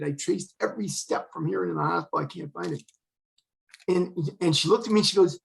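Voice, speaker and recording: In a poorly recorded clip, a retired fire chief, an older man, tells an emotional personal story while being interviewed. His gravelly voice sits a little high and moves at a moderate pace. He speaks earnestly and performs the lines he quotes as the conversation unfolds.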